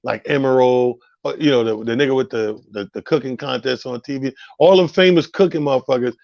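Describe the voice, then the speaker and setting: A man's voice: medium pitch, brisk, vocal fry, darkish tone. A man hosting a casual chat, hyping up his guest and laughing easily. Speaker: host. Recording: dull lo-fi audio.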